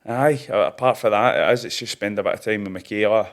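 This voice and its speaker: Low-voiced Scottish boxer in his thirties. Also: fast. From Scotland. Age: 30s. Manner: chatty storyteller, laughs at himself, broad slang. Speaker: professional boxer. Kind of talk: casual interview chat.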